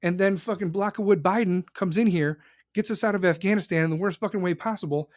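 A man's voice: high-pitched, a little fast, no room sound, clean studio sound. Angry, profane man ranting. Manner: profane, heated, emphatic. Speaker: podcast host. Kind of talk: angry political rant.

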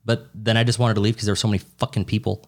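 A man's voice: lowish voice, level tone, racing. A man in casual chat as a podcast co-host, swearing a lot and joking rowdily. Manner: profane, rowdy and joking.

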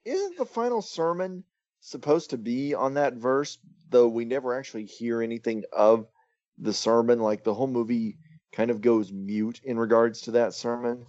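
A man's voice: medium pitch, normal speed, darkish tone, no echo, lo-fi sound. A man co-hosting a casual comedic film review podcast, chiming in with dry, wry reactions and questions. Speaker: podcast co-host.

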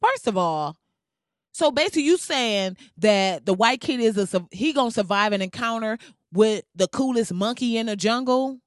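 A woman's voice: fairly high pitch, expressive, moderate pace, no room sound, clean studio sound. A woman giving a heated, profane commentary rant to camera, blunt and swearing freely. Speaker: vlogger.

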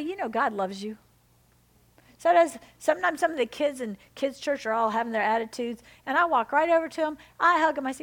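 Emphatic woman preacher, fairly high voice. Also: lively intonation, fairly quick. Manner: emphatic, swings between loud exhortation and soft intimate lines. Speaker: pastor. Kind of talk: sermon.

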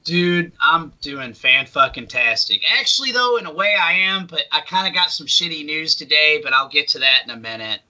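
A man's voice: a little high, animated, normal speed, few pauses, sharp tone. A man co-hosting a podcast, upbeat and profane, who keeps answering with "awesome" and "right on". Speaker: podcast co-host. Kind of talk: casual podcast chat. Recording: slightly dull, lo-fi sound.

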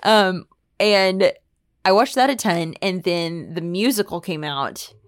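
A woman's voice: on the low side, slow pace, smooth, dry recording, clean studio sound. A woman podcast host reading a fan theory aloud and chatting enthusiastically with her co-hosts.

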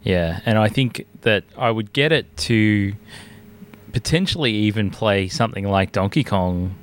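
Male podcast guest, low resonant voice, hesitant casual chat. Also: measured pace. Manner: hesitant, many fillers and restarts.

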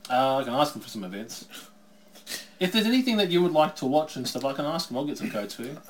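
A man's voice: medium pitch, sing-song, fast, slight background noise. A man co-hosting a casual watch-along podcast, chatty and teasing, laughing often as he talks. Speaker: podcast co-host.

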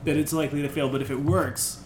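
A man's voice: fairly high pitch, steady tone, fast talker, over a noisy crowd. A man co-hosting a podcast in casual banter, joking and laughing often. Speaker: podcast co-host. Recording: echoey room with clear noise.

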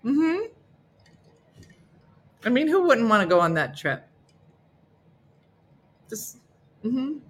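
A woman's voice: a little high, very animated, slow, pauses often, slightly rough. A woman hosting a casual comedic morning show, playful and teasing, often laughing as she talks.

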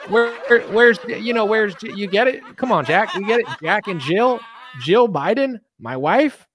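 A man doing a halting, stumbling impression of a folksy, confused elderly male politician in a comedy video. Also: high voice, animated, a crowd in the background, voice pushed up. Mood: chuckling. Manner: halting, stumbling, repeated words.

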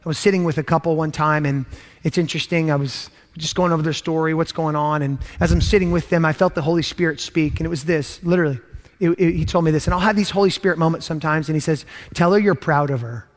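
A pastor preaching a sermon, earnest and emphatic, with words he repeats for weight and some lines dropped to a hush. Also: on the high side, fairly even intonation, fast talker.

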